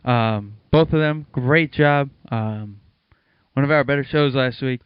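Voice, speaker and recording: A man co-hosting a casual sports podcast, chatty and quick to laugh, running the show's plugs and segues. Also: mid-range voice, clean tone, no room sound, muffled recording. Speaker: podcast co-host.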